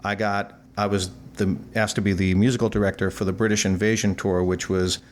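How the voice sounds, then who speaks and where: Older male musician guest, animated storyteller who acts out the people in his anecdotes. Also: low-pitched, fairly quick, a little hiss or hum. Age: 60s. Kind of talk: storytelling interview.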